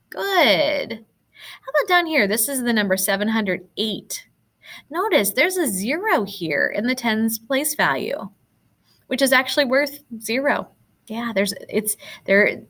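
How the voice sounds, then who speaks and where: Woman teacher, patient and encouraging, animated pitch, walks kids through answers. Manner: patient, encouraging, explaining step by step. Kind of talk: recorded classroom lesson.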